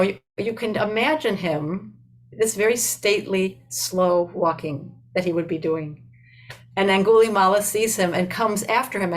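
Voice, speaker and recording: An older woman giving a Buddhist dharma talk, telling a story in an unhurried, conversational way with many "you know"s and restarts. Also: mid-range voice, rough recording.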